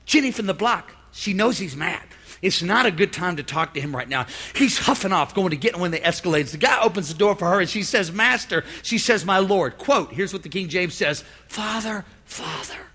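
A man pastor preaching a lively, comedic sermon to his congregation, with call-and-response. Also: high-pitched, fairly quick, husky. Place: church hall with congregation.

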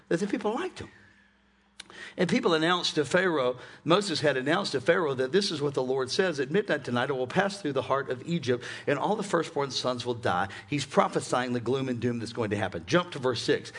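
A male pastor, preaching an animated, joking sermon and calling on the congregation to shout back. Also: medium pitch, breathy edge. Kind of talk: lively sermon with congregation call-and-response.

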